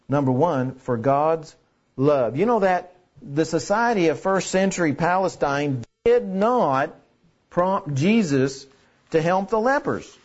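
A man's voice: high-pitched, dull audio. A man preaching a sermon in an earnest way, repeating key phrases for emphasis. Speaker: pastor.

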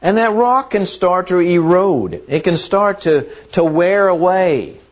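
A man with a slightly high voice preaches a sermon with lively intonation, keeping an unhurried, deliberate pace. His delivery is earnest, and he repeats phrases to drive his points home.

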